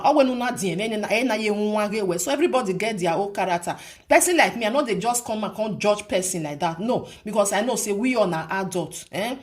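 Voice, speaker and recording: This Nigerian-accented vlogger talks casually to her audience in a mid-range, slightly mellow voice. She's emphatic, repeats her points and poses rhetorical questions.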